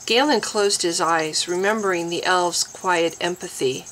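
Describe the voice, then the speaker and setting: Audiobook narrator, woman, unhurried and deliberate, bright crisp tone, pitch a bit low. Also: a little hiss or hum, low-quality recording. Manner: slow, deliberate reading. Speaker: audiobook reader. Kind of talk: fantasy novel narration.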